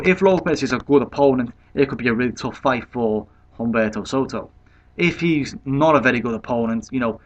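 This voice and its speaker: Man, casual fight-prediction talk, mid-pitched voice, dull lo-fi sound, chatty with fillers. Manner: conversational, leans on "you know" fillers. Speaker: boxing pundit. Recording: dull lo-fi recording.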